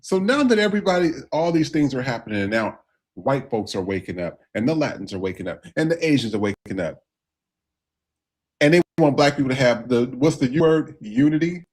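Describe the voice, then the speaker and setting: Male podcast host, mid-pitched, casual and loose, lots of fillers. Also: animated, a little fast, a little mellow. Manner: loose, filler-heavy segment lead-ins.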